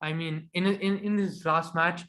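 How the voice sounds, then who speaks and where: Opinionated man talking cricket, higher voice. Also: steady tone, unhurried, fairly bright tone. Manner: opinionated, analytical. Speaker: cricket podcast co-host. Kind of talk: casual sports chat.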